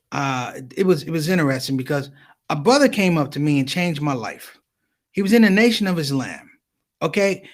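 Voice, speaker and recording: Animated, high-voiced male comic storyteller. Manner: animated, punchy, repeats words for effect. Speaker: speaker.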